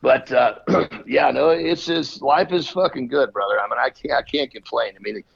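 A man's voice: mid-range voice, moderate pace, creaky, breathy edge. A man hosting a casual, profane chat, blunt and boastful, cursing in nearly every line. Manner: swears constantly, blunt and boastful. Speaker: podcast host. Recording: dull lo-fi sound.

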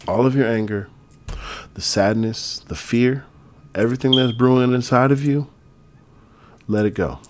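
A man doing a calm, wise middle-aged father talking softly to his son. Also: medium pitch, normal speed, pauses often, background noise, close to an everyday voice. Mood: calm urging.

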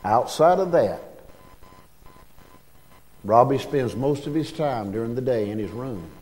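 A male pastor, preaching a sermon in a church, reading scripture and praying in a slow, emphatic way that swells as he goes. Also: mid-range voice, animated, a little mellow, faint music behind. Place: church sanctuary.

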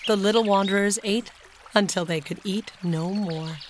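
A woman narrating a children's storybook in a clear, steady manner. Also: medium pitch, moderate pace, a little hiss or hum. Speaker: audiobook narrator.

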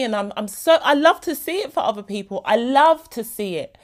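A woman's voice: mid-range voice, big pitch swings, a little fast, a little hiss or hum. A young woman, hosting a casual solo podcast in a chatty, heartfelt way. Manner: chatty, heartfelt, slips into quoted voices. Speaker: podcast host.

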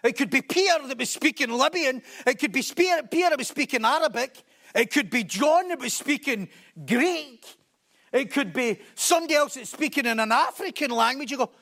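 High-voiced man preaching. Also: animated, moderate pace, fairly bright tone. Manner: emphatic, repeats key phrases for stress. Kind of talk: sermon.

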